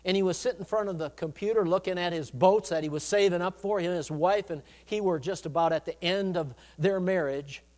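A man pastor preaching a sermon, shifting between loud, emphatic declarations and quiet, conversational asides, in a church. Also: high-pitched, brisk, few pauses. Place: church sanctuary. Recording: long hall reverb.

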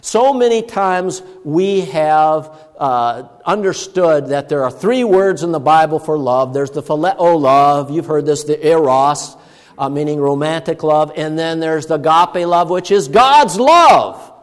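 A man preaching a sermon as a pastor, emphatic and slowing down to stress key words. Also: fairly high pitch, in a large hall.

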